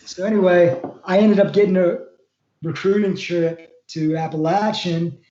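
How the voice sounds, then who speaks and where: Relaxed man in a roomy, lo-fi room. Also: high voice, normal speed. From Florida. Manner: relaxed, rambling, laughs while telling stories. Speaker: guest, former college wrestler. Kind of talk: casual storytelling interview.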